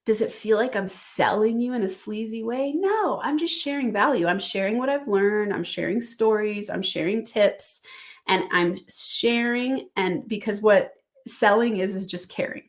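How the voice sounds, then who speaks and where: A woman's voice: medium pitch, moderate pace. A woman hosting a motivational business podcast, talking straight to the listener in an upbeat, direct coaching manner.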